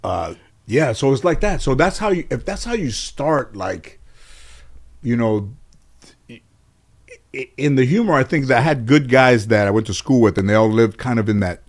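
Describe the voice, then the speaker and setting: A middle-aged man from the Los Angeles area, a talk show host telling comic stories about his childhood, animated and swearing freely. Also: medium pitch, moderate pace, pauses often. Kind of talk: comic storytelling.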